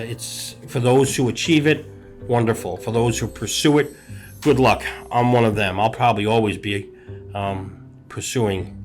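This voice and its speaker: A middle-aged man, a hospital executive, talking earnestly and at a measured pace about balance on a podcast, building his points in short listed phrases. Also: on the low side. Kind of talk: reflective podcast talk.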